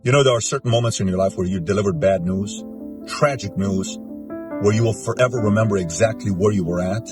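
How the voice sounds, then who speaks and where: A man's voice: lowish voice, brisk. A man in his forties hosting, giving an emotional spoken tribute in an earnest, emphatic, repetitive way. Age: 40s. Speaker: host. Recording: music bed underneath.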